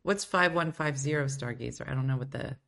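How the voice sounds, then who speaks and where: A woman's voice: rumbling low, brisk, gravelly, fairly bright tone. A woman hosting a casual livestream chat from home, playfully riffing on viewer comments. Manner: playful, reads viewer comments aloud and riffs on them. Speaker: show host.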